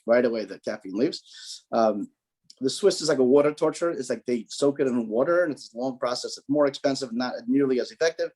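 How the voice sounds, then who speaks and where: Male rabbi, relaxed dark tone, casual teaching talk, repeats himself, joking asides. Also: medium pitch. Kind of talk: informal kosher guidance talk.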